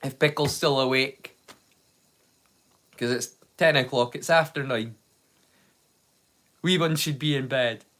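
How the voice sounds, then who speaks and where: A man's voice: mid-range voice, slow, pauses often, fairly bright tone. A Scottish man chatting casually with live viewers, teasing and swearing freely. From Scotland. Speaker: live streamer.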